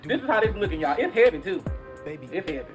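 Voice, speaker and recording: Quick-talking man cooking, music behind. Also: sits high. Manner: relaxed, explaining step by step. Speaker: home cook. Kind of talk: casual cooking demonstration. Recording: music playing over the clip.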